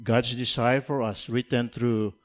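A man's voice: mid-range voice, steady tone. Man, preacher, sermon, mid-range voice, repeats key lines, builds to emphatic delivery. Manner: builds from quiet, measured teaching to raised, emphatic preaching.

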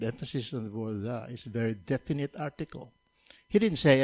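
A man delivering a sermon in a mid-range voice. He teaches in a measured way, repeating key lines for emphasis, and builds to a raised, emphatic preaching tone. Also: medium pitch, darkish tone.

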